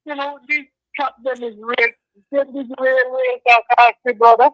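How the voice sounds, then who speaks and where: A man's voice: very high-pitched, level tone, moderate pace, a bit bright. A man calling in to a talk show, rambling in creole speech. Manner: rambling creole talk, calls host brother. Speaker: caller. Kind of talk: phone-in caller. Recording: tinny phone line.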